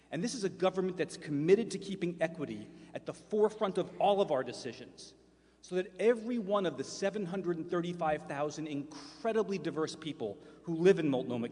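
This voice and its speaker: 50s guy giving a podium speech, kinda high voice, long echo off the hall. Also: darkish tone. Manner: measured, emphatic oratory with repeated lines. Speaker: county chairman giving a state-of-the-county speech. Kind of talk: formal public speech. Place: large event hall. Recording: long hall reverb from a public forum.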